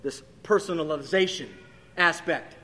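A man with a high, bright, ringing voice preaches through a verse-by-verse sermon. He climbs sharply in pitch when he presses a question home. His words carry a long reverb from a church sanctuary. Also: measured pace. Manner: expository, rising emphatically on key questions.

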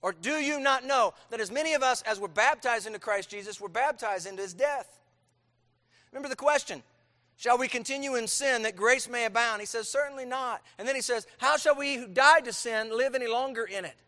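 A male pastor preaching in a high, bright, ringing voice. He presses his points with rhetorical questions and sudden emphatic bursts. His words carry a long reverb from a large church hall. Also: fairly quick. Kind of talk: sermon.

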